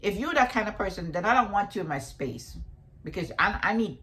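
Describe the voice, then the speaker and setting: A woman in her fifties with a deep voice, giving a preachy, animated motivational talk grounded in faith and repeating affirmations. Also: brisk, poor audio. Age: 50s. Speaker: motivational vlogger.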